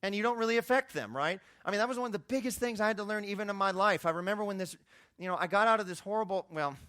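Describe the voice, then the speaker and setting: A young male youth pastor delivers a sermon in an easy, chatty way, and his voice leaps upward on key points. His tone is bright and a little higher than most men's. The recording is dry and close. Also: racing, dry recording. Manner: conversational preaching, voice climbing high for emphasis.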